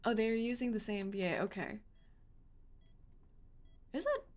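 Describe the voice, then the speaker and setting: Excitable high-voiced woman streamer. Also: unhurried. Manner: excitable, gasping, yelling, jokey. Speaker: game streamer. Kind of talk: casual let's-play commentary.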